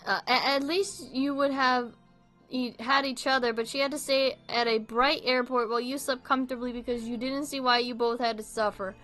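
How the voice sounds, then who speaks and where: A young woman with a fairly high voice gives casual commentary on online posts. She is animated and swears freely. Faint music runs behind her. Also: normal speed. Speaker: video host reading online posts.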